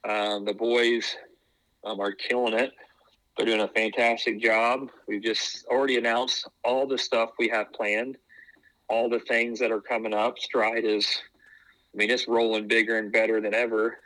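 A man's voice: on the low side, flat delivery, moderate pace, bright, forceful tone, no room sound, low-quality recording. A man chatting casually as a podcast co-host, rambling with lots of fillers and restarts. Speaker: podcast co-host, former wrestling tryout. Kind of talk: casual chat.

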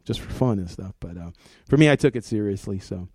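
A man's voice: lowish voice, lively intonation, brisk, a little mellow, no room sound. A middle-aged man, a comics art director, talking casually in an interview, rambling and repeating words, laughing often.

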